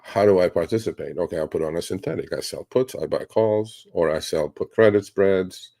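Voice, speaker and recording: A middle-aged man with a low, gravelly, mellow voice answers a question about his trading. He talks casually and bluntly, getting animated and swearing at times. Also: fairly quick. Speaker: trader.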